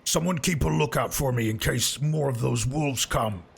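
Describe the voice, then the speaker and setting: A man voicing a gruff male wilderness guide who speaks in short, clipped commands during a tabletop game. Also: mid-range voice, normal speed, a little hiss or hum, close to an everyday voice. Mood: urgent.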